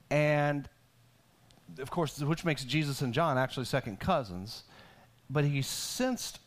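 A middle-aged man preaching a sermon, animated and talking with many restarts and asides. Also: medium pitch. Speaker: pastor.

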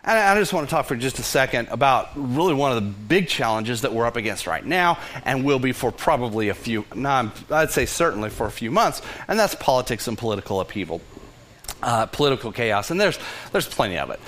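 A middle-aged man with a Texan accent, preaching a sermon as pastor, passionate and animated, with frequent restarts. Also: mid-range voice, brisk, a little hiss or hum.

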